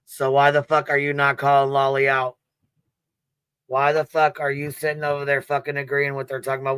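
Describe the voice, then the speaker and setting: Man panel guest, steady flat delivery with a smooth voice, swearing freely and cutting people down. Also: medium pitch, a little fast, no room sound, faint music behind. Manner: blunt, profane, combative. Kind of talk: heated livestream commentary.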